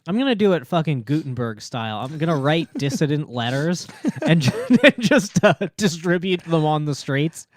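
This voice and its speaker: A man's voice: on the high side, sing-song, normal speed, few pauses, no room sound, studio quality. A young adult man co-hosting a podcast in casual chat, rambling, self-mocking and laughing often. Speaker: podcast co-host.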